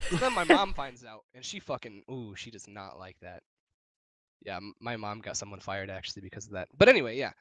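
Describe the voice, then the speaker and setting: A man's voice: on the low side, very animated, a little fast, a bit bright, no room sound. A young man from Wisconsin telling a story in casual, profane podcast chat. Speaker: podcast co-host.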